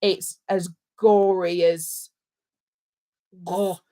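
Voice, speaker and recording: A woman's voice: fairly low pitch, level tone, drawn-out words, warm tone. A British woman co-hosting a casual livestream, chatting in a rambling, jokey way. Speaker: livestream co-host.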